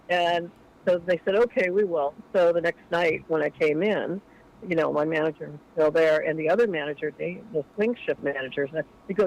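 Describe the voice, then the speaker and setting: A woman's voice: low voice, fairly quick, gravelly, poor audio. A woman calling in to a late-night show, telling a long personal story in a chatty way and animating the voices of people she quotes. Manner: chatty, animated when quoting others. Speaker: caller.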